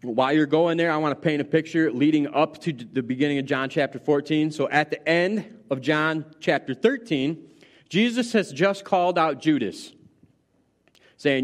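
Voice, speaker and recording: A middle-aged pastor delivers a sermon in a relaxed, conversational tone. His voice sits somewhat high for a man. He retells scripture casually, as if telling a story to friends. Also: unhurried.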